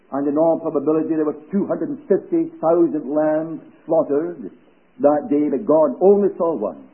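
A man delivers a church sermon in a fairly high voice, measured and deliberate, letting key phrases sink to hushed, low endings. The recording is thin and tinny, like a phone line. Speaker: preacher. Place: church service.

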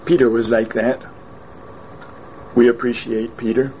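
A man preaching a sermon in a slow, deliberate way, repeating his phrases for emphasis. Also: medium pitch, level tone, lo-fi sound, slight background noise.

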